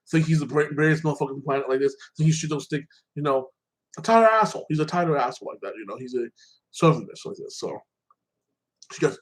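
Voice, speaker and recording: A man retells a season finale in loose, run-on stretches, circling back with "like that" and dropping swear words along the way. His pitch sits in an ordinary middle range. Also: low-quality recording. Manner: rambling, repeats "like that", swears freely. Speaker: show reviewer. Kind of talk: casual TV episode recap.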